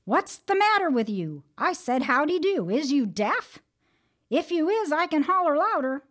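A woman's voice: sits high, sing-song, a little slow, a bit bright, voice pushed up, full character voice. A woman doing a hollering, hot-tempered male rabbit. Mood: indignant. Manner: hollering, exaggerated storyteller voice.

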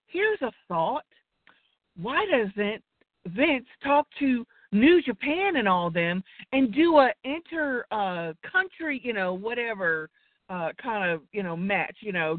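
A woman's voice: on the high side, very animated, takes it slowly, dry recording. Irritated woman ranting over phone. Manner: irritated, profane, rambling rant. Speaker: co-host. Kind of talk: casual wrestling talk. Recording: tinny phone-line audio.

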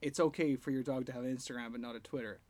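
Sweary podcast co-host. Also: male voice, medium pitch, steady tone, racing, a little mellow. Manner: sweary, joking, laughs often. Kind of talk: casual chat over beers.

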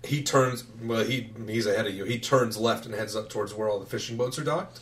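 A man's voice: on the low side, brisk, a bit bright. A man narrating as game master of a tabletop game, in a loose, casual way with some swearing.

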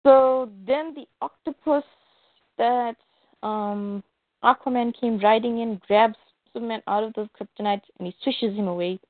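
A woman narrating a superhero toy story in an animated, playful way. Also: a little high, a little slow, no echo. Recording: tinny phone-like dry sound.

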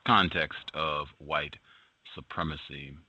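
A man hosting a radio show, reading the news and commenting with emphasis, repeating his points slowly. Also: a bass voice, steady tone, bright, forceful tone, husky, dry recording, lo-fi sound.

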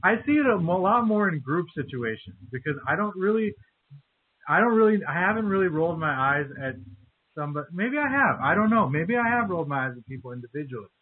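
A man calling in to a talk show, speaking in a halting way with repeated words and restarts. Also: high-pitched, very animated, husky. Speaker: caller. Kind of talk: casual call-in chat. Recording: phone-line quality, dry.

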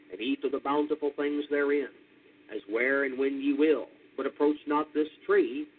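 An American man preaching a radio sermon, deliberate and methodical, spelling out words and rising with emphasis on key points. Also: on the high side. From United States. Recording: tinny lo-fi radio broadcast.

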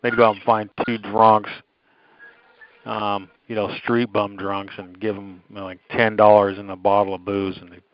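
A man's voice: on the low side, little pitch movement, moderate pace, lo-fi sound. Profane man rambling through stories. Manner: rambling anecdotes with acted-out quotes, profane. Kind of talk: casual crude chat, storytelling.

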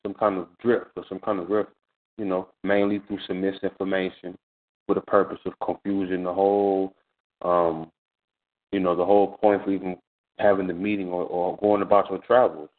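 A man speaking in casual radio talk, measured, leaning on "you know" and "you see what I'm saying". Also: sits low, little pitch movement. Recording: phone-like radio line.

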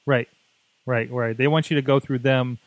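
A man's voice: mid-range voice, steady tone, normal speed, slight background noise. A man co-hosting a tech podcast, chatting casually and rambling with lots of fillers and jokes. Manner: rambling, jokey, many fillers. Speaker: podcast co-host.

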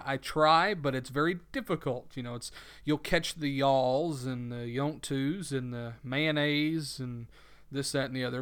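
Hosting a faith-themed radio program, this Southern American man talks in a relaxed way, often pausing and starting over. His voice sits at medium pitch with a slightly bright quality.

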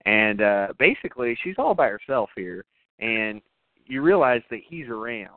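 A man co-hosting a podcast, chatting casually and profanely about a movie, acting out characters in high voices. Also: very animated, moderate pace, dry recording. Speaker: podcast co-host. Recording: tinny phone-like sound, dry.

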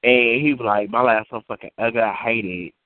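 A man's voice: mid-range voice, fairly quick, no room sound. Rambling, cursing man on a tinny line. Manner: rambling, profane, repeats himself. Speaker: caller on a community call. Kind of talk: casual storytelling chat. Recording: tinny phone-like line, dry.

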